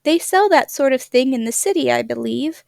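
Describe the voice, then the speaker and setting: A woman's voice: high voice, animated, normal speed, a little mellow, no room sound, studio quality, full character voice. A woman reading a storybook and voicing a deaf, cross old male owl with a scratchy voice who talks curtly. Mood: grumpy. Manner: gruff and impatient.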